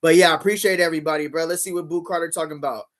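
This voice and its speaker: A man's voice: fairly high pitch, steady tone, very fast, fairly bright tone. A man hosting a casual livestream, talking in slang and hyping up his chat. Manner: slangy, hyped, talks straight to chat. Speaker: livestream host. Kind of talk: casual livestream reaction commentary.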